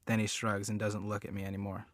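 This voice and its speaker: A man narrating an audiobook in a plain, measured storytelling manner. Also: fairly low pitch, monotone, no room sound, clean studio sound. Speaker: audiobook reader. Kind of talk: scripted narration.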